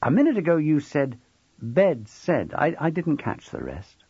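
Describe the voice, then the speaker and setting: A man voicing a patient, dry-humoured older head of sixth form who coaxes softly. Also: on the high side, big pitch swings, unhurried, husky, dry recording, dull audio, pitched above the performer's own voice, exaggerated voice. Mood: coaxing. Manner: soft-spoken, dry, coaxing.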